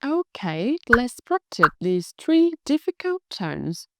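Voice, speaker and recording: A Vietnamese woman with a Hanoi accent teaching a language lesson, patient and encouraging, modelling each word slowly for learners to repeat. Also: fairly high pitch, sing-song, pushed and bright, slight background noise. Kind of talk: slow, clear tone lesson with drills.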